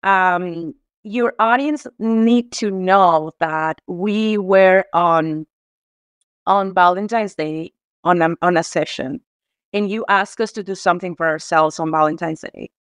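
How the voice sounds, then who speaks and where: Woman from Mexico, interview guest, heartfelt and tearful, smooth voice, dry close sound. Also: lowish voice, slow pace, no echo. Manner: heartfelt, tearful, many restarts and fillers. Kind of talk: emotional conversational interview.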